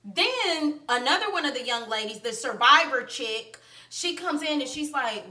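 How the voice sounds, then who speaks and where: High bright-voiced chatty woman reviewer. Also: normal speed, few pauses, recorded from a distance. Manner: chatty, animated storytelling with slang and asides. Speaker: film reviewer. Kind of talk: casual film plot recap. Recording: echoey room, voice set back from mic.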